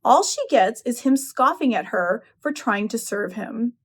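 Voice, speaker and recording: Woman professor, high voice, lecturing on a short story with lively personal opinions. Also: unhurried, breathy edge. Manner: expressive, opinionated retelling. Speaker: English professor. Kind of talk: literary analysis lecture.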